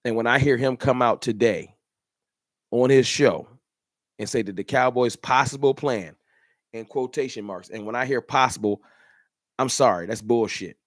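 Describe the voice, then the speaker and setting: A man's voice: medium pitch, moderate pace, long pauses, no echo, studio quality. A man hosting a fan channel livestream, ranting in an emphatic, repetitive, slangy way. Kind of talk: livestream rant.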